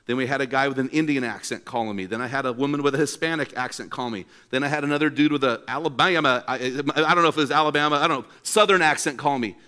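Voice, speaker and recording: An older man preaching a sermon in a church, telling stories and acting out quotes with lively energy. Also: medium pitch, quick pace, hardly any pauses, clean tone. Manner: animated storytelling preacher, acts out quotes. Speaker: pastor.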